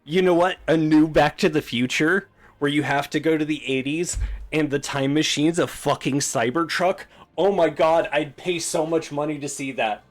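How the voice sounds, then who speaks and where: A man streaming a reaction, swearing and swinging from loud outbursts to low mutters. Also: steady tone, moderate pace. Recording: faint background music.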